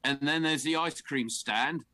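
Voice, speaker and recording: A man's voice: fairly high pitch, measured pace, bright, forceful tone, no echo. Older man improviser running the game. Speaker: game master in an improv scene. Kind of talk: improvised comedy scene. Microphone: video call.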